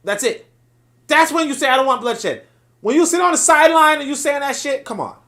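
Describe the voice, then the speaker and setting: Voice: high voice, expressive, fairly quick, bright, forceful tone. Blunt, sarcastic commentator. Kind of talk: reacting to a played clip.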